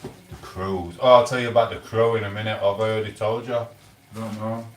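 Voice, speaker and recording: A man's voice: fairly low pitch, steady tone, fairly quick. A man, chatting and rambling through stories on a live stream, quoting back-and-forth conversations. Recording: echoey room, voice a bit far from the mic.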